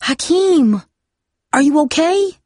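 A woman voicing a caring teenage girl who talks to a friend in a soft, urging way. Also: mid-range voice, moderate pace, no room sound, studio quality, natural voice. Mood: alarmed.

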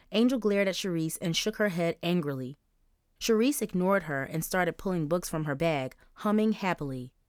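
A woman reading a novel aloud as an audiobook narrator, clear and even. Her voice sits a little low. The recording is dry and close, with no room sound. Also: no echo. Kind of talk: scripted narration.

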